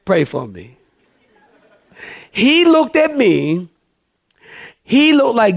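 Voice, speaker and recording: High-voiced animated preaching man. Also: slow, vocal fry, pauses often, dry recording, clean studio sound. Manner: animated, acts out dialogue in a raised voice. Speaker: pastor. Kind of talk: storytelling sermon.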